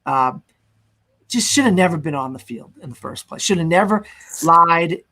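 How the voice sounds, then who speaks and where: Young male co-host, a bit high, rambling plot recap, casual. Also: lively intonation, moderate pace, bright, forceful tone. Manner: rambling recap with fillers, acts out quotes. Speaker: podcast co-host. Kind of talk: casual movie discussion.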